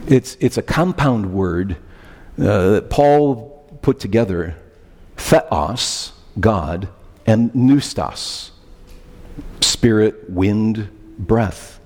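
A man's voice: lowish voice, very slow. A man preaching a sermon as pastor, emphatic and questioning, repeating key phrases. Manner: animated, questioning, emphatic repetitions. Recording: long hall reverb.

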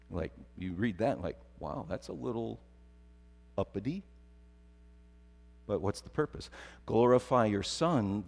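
A man's voice: lowish voice, a little mellow. A middle-aged man preaching a sermon, telling stories and building to emphatic repetition. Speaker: pastor. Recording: long hall reverb.

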